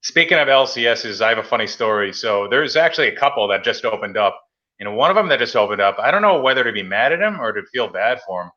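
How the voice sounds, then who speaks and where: Man from Massachusetts, podcast host, chatty storyteller, mid pitch, muffled lo-fi audio. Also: animated, fast, sharp tone. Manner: chatty storyteller, acts out quoted phone calls. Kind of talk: casual chat.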